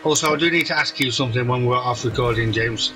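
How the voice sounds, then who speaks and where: A man's voice: medium pitch, fast talker, poor audio. A man chatting while gaming with friends, jokey and chatty, swearing freely. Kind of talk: casual gaming chat.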